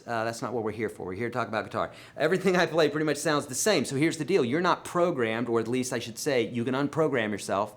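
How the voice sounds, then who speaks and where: Animated man answering guitar questions. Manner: animated and emphatic, with sudden swings in loudness and pitch; talks straight to viewers as friends and folks. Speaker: guitar teacher hosting a live Q&A. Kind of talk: casual live Q&A, answering viewer questions.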